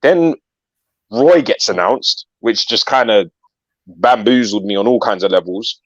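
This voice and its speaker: Low man, slangy storyteller, dry dull mic. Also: animated, unhurried, no echo. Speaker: co-host. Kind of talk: live fan reaction chat.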